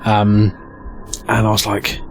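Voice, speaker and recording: A man's voice: on the low side, takes it slowly, soft background music. A man telling a rambling, jokey personal story in a casual way. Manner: animated, rambling, jokey, swears.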